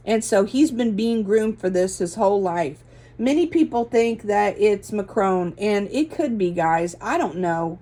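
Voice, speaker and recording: A woman's voice: mid-range voice, darkish tone. A middle-aged woman earnestly telling a rambling religious testimony, often correcting herself mid-sentence. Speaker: religious video host. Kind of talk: casual testimony monologue.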